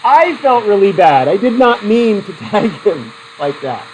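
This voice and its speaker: A man's voice: sits high, big pitch swings, a little slow, a little mellow, a little hiss or hum, low-quality recording. A man teaching a psychology class in a chatty, digressive way, laughing often and putting questions to his students. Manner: laughs often between points. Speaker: psychology instructor. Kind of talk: classroom lecture.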